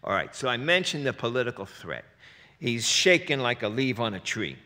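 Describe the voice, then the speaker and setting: A man's voice: medium pitch, sing-song, moderate pace, sharp tone. A man preaching a sermon in a conversational way, with joking asides and playful rhymes. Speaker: pastor. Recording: long hall reverb.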